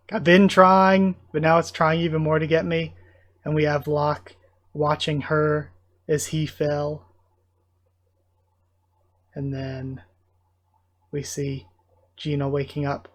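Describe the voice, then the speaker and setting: A man's voice: on the high side, flat delivery, takes it slowly, long pauses. A young man hosting a casual manga readthrough, describing the panels and reacting emotionally. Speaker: channel host reading a manga aloud.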